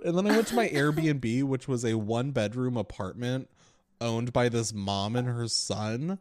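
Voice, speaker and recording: Speaking at a moderate pace with a medium-pitched voice, a young podcast co-host spins a story in relaxed chat. He's lively, leans on filler words, and performs the quoted lines.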